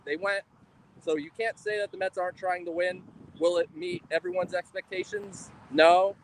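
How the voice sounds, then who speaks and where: Guy talking baseball outside in a parking lot, kinda high voice, lotta "you know"s, faint wind hiss. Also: fairly even intonation, moderate pace, low-quality recording. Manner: loose, thinking aloud with fillers. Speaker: podcast co-host. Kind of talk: casual sports talk. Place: outdoors in a stadium parking lot. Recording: faint wind and traffic noise.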